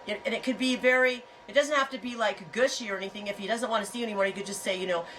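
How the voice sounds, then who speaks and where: A woman's voice: medium pitch, racing, a bit bright, recorded from a distance, a little hiss or hum, poor audio. A middle-aged woman hosting a casual livestream chat, talking in a frank, rambling way and telling stories with animation. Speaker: host.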